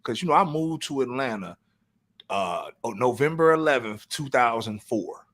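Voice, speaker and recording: A man's voice: medium pitch, animated, moderate pace, a bit bright. A middle-aged man co-hosting a casual podcast, laid-back and full of street slang, often restarting his sentences. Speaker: podcast co-host.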